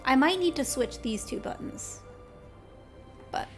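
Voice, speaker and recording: Woman streamer, casual gaming chat, high voice, talks to herself, faint music behind. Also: expressive, a little slow, long pauses. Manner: chatty and self-talking, mutters instructions to herself.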